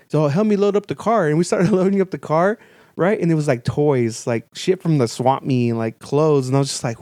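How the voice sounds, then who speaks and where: A young man tells a long, laid-back story on a podcast, peppering it with curses and bouncing his pitch up to mimic other people. His voice sits a little high for a man, and the mic is close and dry with almost no room sound. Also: brisk, dark tone, no room sound. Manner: swears a lot, acts out quoted people with jumps in pitch. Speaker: podcast co-host. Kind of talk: casual storytelling chat.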